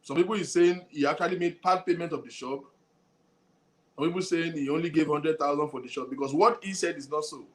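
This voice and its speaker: A Nigerian man hosts and comments, reasoning aloud in a measured way as he reads viewer comments. His voice sits a little higher than most men's. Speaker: host.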